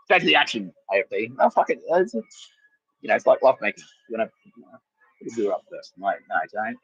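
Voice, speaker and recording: A man hosting a comedy podcast, telling a rambling story with lots of swearing, laughter and loudly acted-out quotes. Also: fairly low pitch, very animated, brisk, husky, no room sound, muffled recording. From Australia. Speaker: podcast host.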